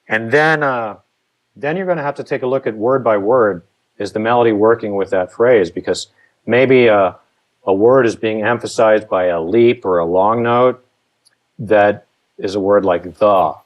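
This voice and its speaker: Relaxed low-voiced man giving songwriting tips. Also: rough recording. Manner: relaxed, rambling with restarts and fillers. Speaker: songwriting guest. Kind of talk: casual conversational advice.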